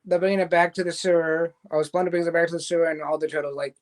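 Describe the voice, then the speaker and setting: A man's voice: on the high side, flat delivery, fast talker. A man hosting a casual show, recapping a cartoon episode in a loose, rambling way. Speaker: show host reviewing a cartoon series. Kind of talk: casual review chat.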